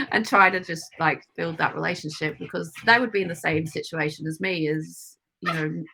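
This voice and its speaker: An Australian woman speaks as a podcast guest in a loose, chatty way and laughs easily between phrases. Her voice sits a little low, with a bright, forward edge. Under that bright tone runs a gravelly, fried texture. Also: fairly even intonation, moderate pace. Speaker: guest, club photographer. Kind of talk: casual interview chat.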